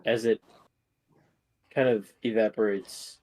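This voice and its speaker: A man's voice: on the low side, steady tone, takes it slowly, a little mellow, low-quality recording. A man as dungeon master, narrating a tabletop game in a loose, filler-heavy way.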